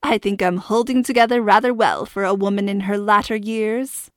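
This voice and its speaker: A woman narrating a storybook voices a cheerful middle-aged mother who teases and gently probes her daughter. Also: medium pitch, steady tone, normal speed, no echo, clean studio sound, close to an everyday voice. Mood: teasing.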